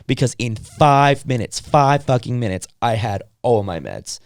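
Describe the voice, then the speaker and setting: A young adult man co-hosting a podcast, telling a story in a rambling, animated way and acting out what other people said. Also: mid-range voice, a little slow, clean tone, no room sound. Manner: animated, acts out other people's lines in shifting voices; rambling, heavy on filler words and restarts. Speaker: podcast co-host. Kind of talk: casual storytelling chat.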